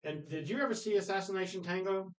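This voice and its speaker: A man co-hosting a casual film discussion podcast, retelling movie scenes with animated energy, acting out quoted lines and laughing often. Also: high-pitched, fast talker, rough recording. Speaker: podcast co-host.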